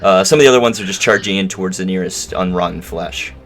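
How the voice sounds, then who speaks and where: Low-voiced guy running a tabletop game, casual, lots of ums, quiet music behind. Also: quick pace. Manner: casual, explains rules with fillers. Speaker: game master.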